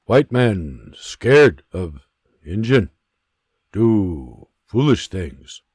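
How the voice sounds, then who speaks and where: A man doing a slow-spoken, husky old frontier friend. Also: fairly low pitch, very animated, a little mellow, no echo, studio quality, exaggerated voice. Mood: solemn. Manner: slow broken English. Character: weathered Native American man, steady and warm.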